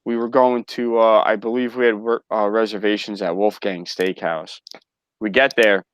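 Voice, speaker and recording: A man hosting a podcast, telling a story in a casual, animated way and swearing a lot. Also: lowish voice, normal speed, smooth, no echo, rough recording.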